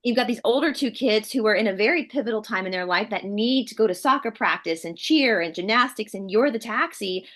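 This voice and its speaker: A woman from the States, co-hosting a casual chat and telling stories in an animated way, acting out what people said. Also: mid-range voice, brisk, hardly any pauses. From Southern United States. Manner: animated storyteller, acts out quotes. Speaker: co-host. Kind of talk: casual conversation.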